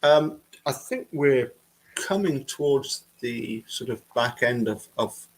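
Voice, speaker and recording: Halting male host on a video chat. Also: medium pitch, rough recording. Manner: hesitant, halting with restarts and fillers. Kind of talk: hosting a live chat.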